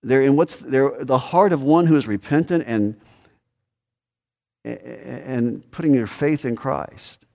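A man's voice: mid-range voice, animated, measured pace, vocal fry, mellow. A man preaching a sermon as a pastor, earnest and repetitive, rising to sudden emphatic peaks. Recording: long hall reverb.

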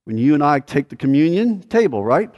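A male pastor preaching a sermon, emphatic and repetitive, swinging from loud declarations to a hushed, earnest plea. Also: a little high, big pitch swings, a little fast, highs cut off.

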